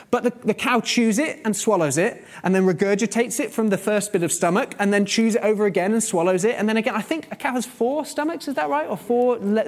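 A man's voice: sits high, a little mellow. A man preaching a sermon in a conversational, earnest teaching manner, using everyday examples.

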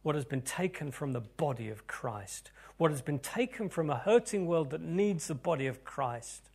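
A pastor leading a congregation in a sermon and prayer, dropping to near-whispers and then rising to loud, fervent declarations. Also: male voice, on the high side, animated, normal speed, slightly rough.

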